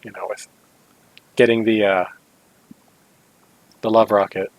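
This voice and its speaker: A man's voice: lowish voice, level tone, unhurried, no echo, poor audio. A man co-hosting a casual gaming podcast, rambling along with jokey asides and frequent self-corrections. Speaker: podcast co-host.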